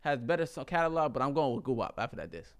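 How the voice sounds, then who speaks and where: Fast-talking young man, casual podcast banter. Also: mid-range voice, very animated, clean tone. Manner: quick, joking, profane banter. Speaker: podcast co-host. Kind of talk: casual chat.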